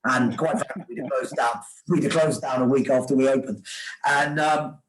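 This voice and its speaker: A man's voice: medium pitch, slight background noise, poor audio. A man, an author and sandwich shop owner, telling stories in casual chat with restarts and frequent laughter over a video call. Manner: animated, laughing, quick restarts.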